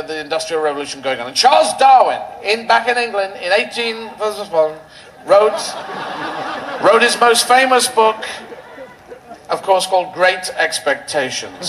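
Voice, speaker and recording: A man performing a stand-up routine on an outdoor rally stage, with a rambling, surreal, playful delivery full of quick asides. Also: high-pitched, a bit bright, a little hiss or hum, low-quality recording. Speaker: stand-up comedian.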